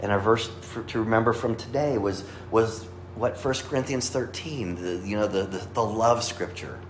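A man's voice: lowish voice, moderate pace, slight background noise. A man preaching a sermon, earnest, quoting scripture and lifting or dropping his voice for emphasis. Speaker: pastor. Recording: echoey room with faint ambience.

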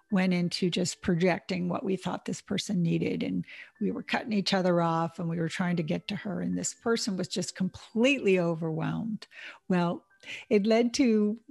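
A woman's voice: on the low side, vocal fry, a little mellow. A woman vlogger talking earnestly and emotionally to her viewers about compassion, getting teary as she speaks. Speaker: vlogger host. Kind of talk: heartfelt personal talk to camera.

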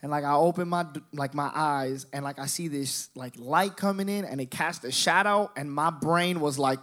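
Man, twenties, stand-up comedian, high voice, animated, profane, talks to the audience. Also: moderate pace, hardly any pauses. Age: 20s. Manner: animated, profane, addresses the crowd directly. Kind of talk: stand-up storytelling.

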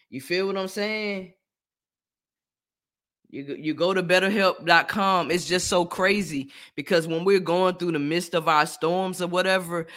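A young man talking earnestly and casually to his viewers on a live stream, repeating phrases, using slang and building up to shouted hype. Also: a little high. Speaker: motivational vlogger.

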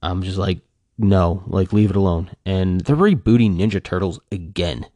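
A man chatting casually and rambling, full of fillers and restarts, his voice jumping up when he gets excited. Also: low-pitched, normal speed, no room sound. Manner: animated fan gushing, voice jumps up when excited. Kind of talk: casual chat.

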